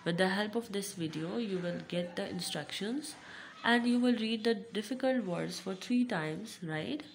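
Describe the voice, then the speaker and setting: A young woman teacher, reading a lesson aloud slowly and repeating each word three times. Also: medium pitch, creaky, a little hiss or hum. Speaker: primary school teacher.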